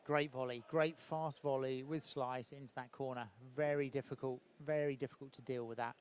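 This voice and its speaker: A man giving relaxed, chatty live commentary on a padel match, with frequent ums and small laughs. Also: medium pitch, moderate pace.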